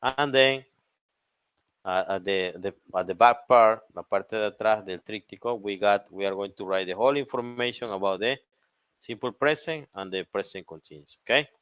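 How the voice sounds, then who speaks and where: Low-voiced teacher with a Chilean Spanish accent. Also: male voice, moderate pace, a bit bright, clear, resonant tone, dry recording, highs cut off. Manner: switches to Spanish to repeat points, spells out letters. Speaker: English teacher. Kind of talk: bilingual grammar lesson.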